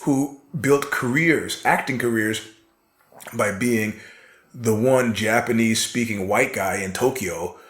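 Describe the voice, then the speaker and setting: This is a low-voiced American man telling stories as a podcast guest. He is emphatic, swears now and then and laughs easily. His voice carries a roomy echo. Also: takes it slowly, a bit bright. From United States. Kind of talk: casual podcast conversation.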